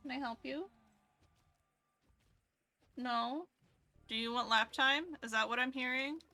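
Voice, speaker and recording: A woman live streamer chatting casually while gaming, cooing baby talk to her cat and cheering in excited bursts. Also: high voice, slow pace, no echo.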